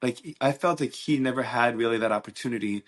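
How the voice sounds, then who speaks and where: A man's voice: mid-range voice, brisk, a bit bright. A man hosting a solo podcast, talking earnestly and reflectively, searching for words with many restarts and fillers. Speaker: podcast host. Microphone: mic and camera.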